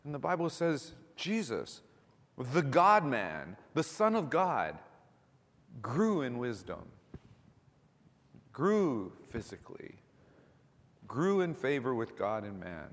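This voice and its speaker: A man's voice: medium pitch, wildly swooping pitch, slow, long pauses. Middle-aged male pastor, chatty sermon with restarts, mid-range voice, long hall reverb. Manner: conversational, with repeated words and asides.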